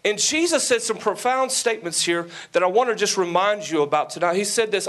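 Southern male guest pastor, slightly high voice, folksy sermon delivery with jokes and emphatic peaks. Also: lively intonation, brisk, few pauses, a bit bright. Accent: Southern American. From American South. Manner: folksy, joking asides, rising to emphatic preaching. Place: church sanctuary before a congregation.

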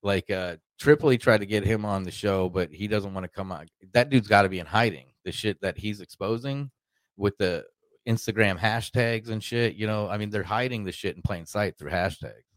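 A man from Arkansas, United States, with a lowish voice tells a rambling, profane story during a casual podcast chat, doing the voices of the people he quotes. He talks at a normal speed, and the recording has no echo.

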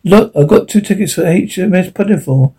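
A man's voice: sits high, a little fast, dark tone, breathy edge, poor audio. A man voicing a heartbroken young man who speaks harshly and tonelessly in an audiobook reading. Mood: grim.

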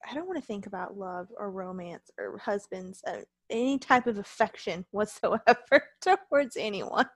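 A woman's voice: medium pitch, animated, moderate pace, no room sound. A tired, ill woman co-hosting a casual wrestling podcast, ranting heatedly and swearing a lot. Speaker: podcast co-host.

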